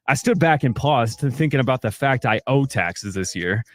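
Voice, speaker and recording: A man on a podcast telling a comic story in a deadpan voice, acting out the voices of the people in it. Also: medium pitch, normal speed, few pauses. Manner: deadpan punny storyteller who acts out the voices in his tale. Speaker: podcast co-host. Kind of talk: comic storytelling, reading a funny review.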